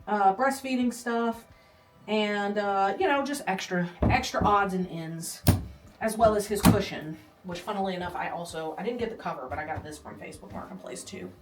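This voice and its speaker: A woman's voice: mid-range voice, recorded from a distance. A pregnant young woman giving a casual, self-deprecating, rambling home tour, sometimes out of breath. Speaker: vlogger. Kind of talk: casual nursery tour vlog. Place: small nursery room at home. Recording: roomy, from off-mic, with faint music. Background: air conditioner hum and faint music.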